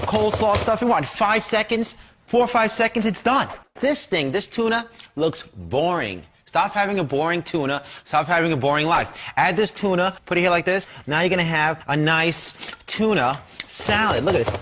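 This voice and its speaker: Brash, high-pitched infomercial pitchman. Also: fairly bright tone, a little hiss or hum. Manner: brash, pushy, rapid-fire salesman patter.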